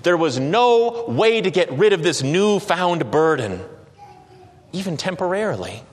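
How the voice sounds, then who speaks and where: A man narrating a story slowly and dramatically, with occasional hesitations. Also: fairly high pitch, big pitch swings. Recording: long reverb.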